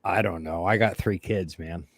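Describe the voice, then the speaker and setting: A man's voice: low-pitched, moderate pace, no room sound. A man co-hosting a casual movie-review podcast, with laid-back, crude joking banter. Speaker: podcast co-host.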